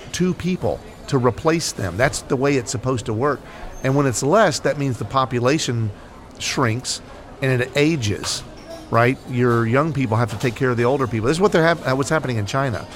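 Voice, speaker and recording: A man's voice: medium pitch, a little hiss or hum. A man from the United States co-hosting a casual Catholic talk, explaining earnestly with many fillers and repeated "right?". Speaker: Catholic podcast co-host. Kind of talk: casual faith discussion.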